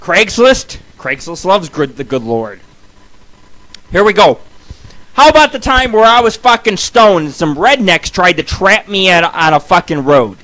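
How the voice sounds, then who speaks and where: A man hosting an internet radio show, telling rambling profane stories and shouting the punchlines. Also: sits high, sing-song, unhurried, poor audio. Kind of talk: profane comic storytelling.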